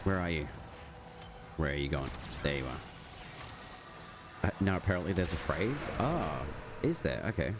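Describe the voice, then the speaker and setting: A low-pitched man talking at normal speed chats casually with his stream audience as he plays. His rambling is full of "like" fillers, over constant background noise.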